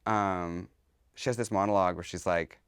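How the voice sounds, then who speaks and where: A man's voice: low voice, steady tone, normal speed, smooth, no echo, studio quality. A man, a drag performer, talking candidly as a podcast guest and slipping into other people's voices while telling stories. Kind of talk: casual interview.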